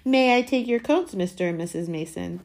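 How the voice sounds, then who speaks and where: A woman's voice: medium pitch, animated, brisk, voice pushed up, natural voice. A woman doing a simpering spoiled boy. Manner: simpering, sugary. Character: spoiled fawning chubby boy.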